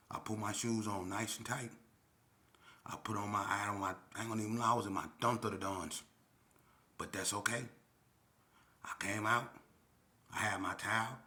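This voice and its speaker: A man's voice: fairly low pitch, sharp tone. A man telling a personal story in casual, slangy street talk, often checking in with "you know what I'm saying".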